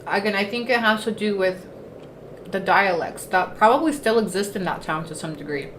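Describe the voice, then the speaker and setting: A woman chats her way through a casual livestream, slipping Spanish words into her English and stopping now and then to eat. Her voice sits at a middling pitch. The room is echoey, with faint noise underneath. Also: moderate pace, a bit bright. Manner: chatty, mixes in Spanish words, eating while talking. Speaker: livestream host.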